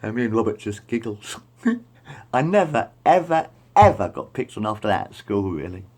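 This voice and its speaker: A man's voice: fairly low pitch, very animated, normal speed, darkish tone. A middle-aged man rambles through school memories, repeating himself and correcting his details as he goes. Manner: repetitive, meandering, self-correcting. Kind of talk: rambling personal storytelling.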